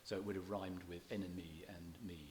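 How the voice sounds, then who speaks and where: A man giving a public lecture on poetry, measured and scholarly, slowing down to read verse aloud with stressed beats and sometimes restarting his words. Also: deep voice, flat delivery, background noise. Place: church hall.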